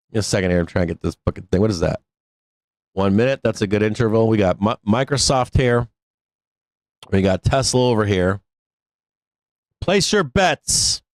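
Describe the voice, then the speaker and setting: A man's voice: lowish voice, expressive, normal speed, pauses often, no echo. A middle-aged man hosting a live trading stream, ranting bluntly and sarcastically with plenty of swearing. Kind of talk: casual live-stream rant.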